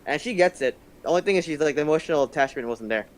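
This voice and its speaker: A man co-hosting a casual movie chat, laid-back with quick comebacks. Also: a little high, lively intonation. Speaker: co-host.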